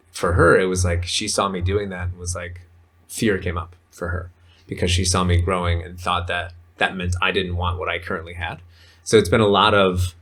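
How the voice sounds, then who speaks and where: A men's coach appears as a podcast guest, talking in a low, slightly bright voice. His casual conversation rambles and is packed with fillers.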